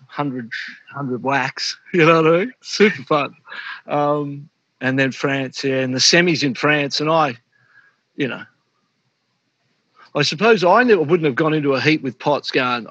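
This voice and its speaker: Husky Australian man telling stories. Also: fairly high pitch, a little slow, pauses often, a bit bright, no echo, muffled recording. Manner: laughs often, says "mate" a lot. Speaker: interview guest, former pro surfer. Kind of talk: casual storytelling.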